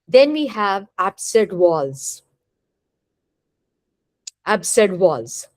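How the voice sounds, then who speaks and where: This woman's voice sits in the mid-range with a darkish tone and big pitch swings, captured in a dry recording. She's a literature teacher lecturing deliberately, regularly posing rhetorical questions to see if the class is keeping up.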